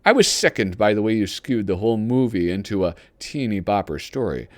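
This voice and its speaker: A man with a lowish voice that swings freely up and down as he chats. He rambles through a magazine, reading snippets aloud and teasing himself. The sound is dry and close. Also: sing-song, brisk, no echo. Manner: rambling and self-deprecating, reads lines aloud. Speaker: host. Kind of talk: casual commentary while paging through a magazine.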